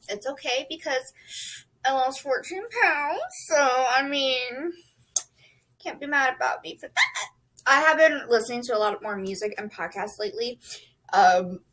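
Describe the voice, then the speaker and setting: Bubbly high-voiced young woman vlogger. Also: rough recording. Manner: bubbly, excitable, lots of "like" and "um". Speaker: book vlogger. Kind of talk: casual chat to camera.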